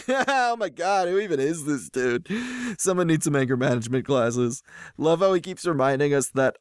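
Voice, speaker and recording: A woman doing comedic commentary on online posts, animated with laughing asides. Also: low-pitched, moderate pace. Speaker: YouTube commentator.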